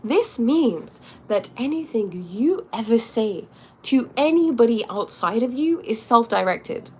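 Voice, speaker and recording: A woman hosting a casual spiritual livestream, chatting and often checking in with her audience, animated and quick to laugh. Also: fairly high pitch, husky.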